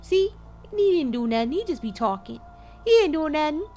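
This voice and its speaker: Woman gamer talking to her viewers, animated, quick reactions, kinda high voice. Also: slight background noise. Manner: animated, talks to viewers as y'all, quick exclamations. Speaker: gaming video creator. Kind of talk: casual gameplay commentary.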